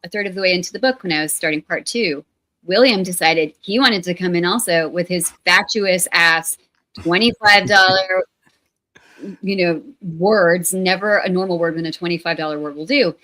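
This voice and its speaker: A woman author in a casual interview, talking in an animated, playful way and acting out quotes. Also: on the low side, moderate pace, low-quality recording.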